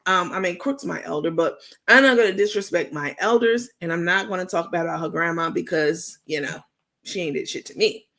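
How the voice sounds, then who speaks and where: Host: New York woman, gravelly, loose slangy gossip talk. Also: on the low side, fairly bright tone. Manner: chatty, drawn-out, slangy, full of fillers. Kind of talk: gossip commentary stream.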